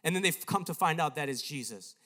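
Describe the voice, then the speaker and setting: Male pastor, slightly high voice, animated sermon storyteller who acts out the quotes. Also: brisk. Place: church sanctuary.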